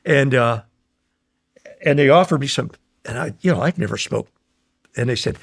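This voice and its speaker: Older american guy with a gravelly voice, rambling through war stories, keeps chuckling and doing the other guys' voices. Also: medium pitch, lively intonation, moderate pace, long pauses. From United States. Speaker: guest, war veteran. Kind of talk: casual storytelling.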